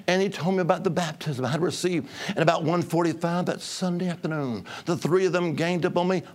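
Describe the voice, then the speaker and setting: Male evangelist from Alabama, bright high voice, exuberant shouting testimony sermon. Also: a little fast. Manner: shouting, exuberant, bursts of tongues.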